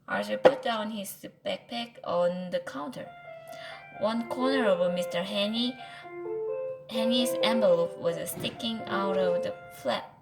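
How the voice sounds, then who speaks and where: A woman's voice: mid-range voice, unhurried, over loud music, poor audio. A woman with a Korean accent, an English reading teacher, carefully reading a children's chapter book aloud with small slips.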